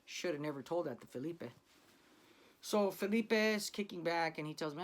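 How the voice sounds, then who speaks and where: A man hosting his own channel tells a crime story in loose street slang, swearing freely and repeatedly addressing viewers as "guys" in a casual, confiding manner. His voice is fairly high, with lively intonation and a fairly quick pace.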